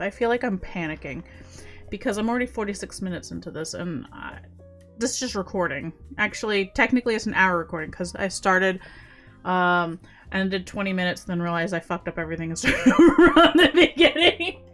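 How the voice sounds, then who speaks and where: A woman's voice: fairly low pitch, fairly bright tone. Woman doing a casual screen tutorial, chatty, lots of ums, faint music behind. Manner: chatty and self-deprecating, with fillers and sound effects. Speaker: tutorial creator.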